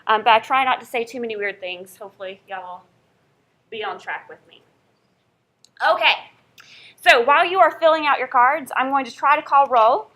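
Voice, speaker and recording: Bright upbeat Southern woman teaching. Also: sits high, normal speed, pauses often. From North Carolina. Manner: upbeat, chatty, checks in with "okay?". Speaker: college professor. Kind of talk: first-day class introduction and roll call. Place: classroom.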